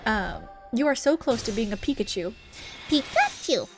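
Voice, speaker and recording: During a casual live-stream, this young VTuber chats and giggles while reading the game's dialogue out loud. She speaks briskly and expressively in a slightly high voice, with music in the background.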